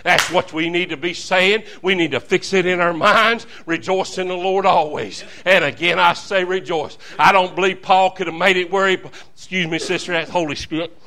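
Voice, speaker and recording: Fervent preacher man, bright voice. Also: sits high, fairly even intonation, moderate pace, few pauses, a little hiss or hum. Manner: fervent, folksy, calls to the congregation. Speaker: visiting preacher. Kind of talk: revival sermon.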